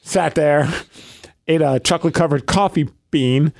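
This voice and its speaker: A man co-hosting a podcast, telling a casual story in an animated way, acting out the quoted lines and poking fun at himself. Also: on the high side, normal speed, vocal fry. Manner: animated, acts out quoted lines, self-mocking. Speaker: podcast co-host.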